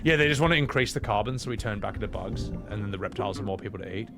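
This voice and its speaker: Rambling gravelly male streamer. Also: fairly low pitch, animated, very fast. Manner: rambling, swearing, chatty. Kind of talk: casual game stream chat. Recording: game music under voice.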